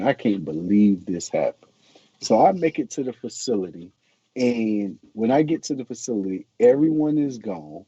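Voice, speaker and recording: A man's voice: mid-range voice, warm tone, husky, no room sound. A man, a former pro football player, telling a story animatedly on a video call, acting out quotes with many restarts. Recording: muffled call audio.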